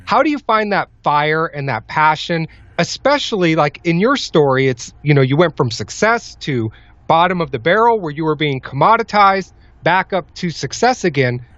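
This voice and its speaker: A man's voice: fairly high pitch, very animated, normal speed, fairly bright tone, no echo. A man hosting a podcast, emphatic and enthusiastic as he asks questions and comments. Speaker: podcast host. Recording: dry, dull lo-fi sound.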